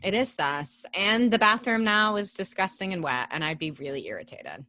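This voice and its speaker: A young woman co-hosting a podcast. She recaps a TV episode in a loose, chatty way, swears freely and slips into the characters' voices, with her pitch swooping up and down. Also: moderate pace, no room sound. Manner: animated, swears freely, acts out characters' lines. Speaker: podcast co-host. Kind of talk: casual chat recapping a TV episode.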